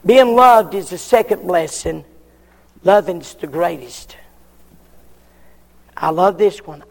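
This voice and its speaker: A preacher with a high, gravelly voice, delivering a folksy, emphatic sermon. He swings between ringing cries and near-whispers. His words trail off into a long reverb in a church. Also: measured pace, pauses often. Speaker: pastor.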